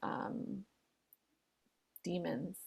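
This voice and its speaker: A woman's voice: lowish voice, drawn-out words, darkish tone. A woman co-hosting a casual podcast chat, reflectively talking through her feelings and past experiences. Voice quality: gravelly, husky. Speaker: podcast co-host.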